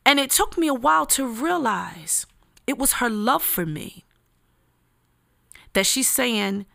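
Woman, bright fry-tinged voice, unhurried emphatic devotional delivery, dry close sound. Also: a little high, expressive, no echo. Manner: earnest and emphatic, with casual slang and repetition. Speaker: speaker giving a devotional message. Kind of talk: motivational devotional talk.

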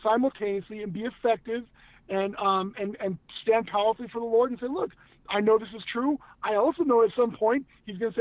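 A man's voice: sits high, fairly even intonation, a little fast, no room sound. A man, a guest who once acted and now works in news media, talking earnestly and emphatically about faith in a casual conversation, with many restarts. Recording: tinny phone-like line, dry.

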